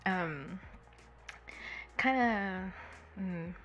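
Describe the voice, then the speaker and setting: A woman livestreaming and chatting warmly with her viewers. She giggles often, sounds nervous, and is a little tipsy. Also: lowish voice, animated, very slow, highs cut off, soft background music. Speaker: streamer greeting chat. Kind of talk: casual livestream chat.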